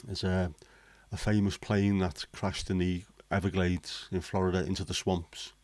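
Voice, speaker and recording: A man's voice: low voice, little pitch movement, moderate pace, a little mellow, dry recording. A man chatting casually on a livestream, blunt, sweary and cynical. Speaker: livestream host. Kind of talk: casual chat.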